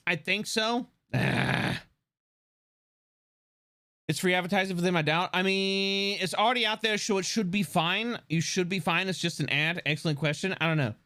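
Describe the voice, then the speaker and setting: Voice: medium pitch, normal speed, pushed and bright. A live streamer chatting casually, swearing freely and restarting sentences often. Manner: rambling, swears freely, frequent restarts and fillers.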